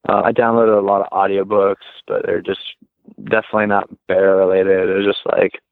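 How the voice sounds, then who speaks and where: A man talking as a guest, telling a story casually with many "like"s and lively retellings. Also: sits low, fairly quick, gravelly, no room sound. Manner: heavy use of "like", lively retelling. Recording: tinny phone line, dry.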